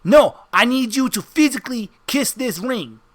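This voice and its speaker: A brash mobster henchman, as a man puts him on in a bright, high voice that leaps around. He talks tough street talk and calls everyone son, theatrical and pushy. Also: animated, normal speed, exaggerated voice.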